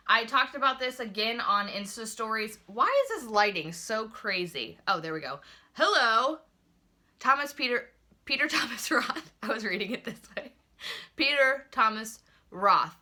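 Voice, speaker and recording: A woman's voice: medium pitch, pushed and bright. A young woman chatting casually into her phone camera at home, reviewing beauty products with lots of gushing and filler words. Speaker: beauty vlogger.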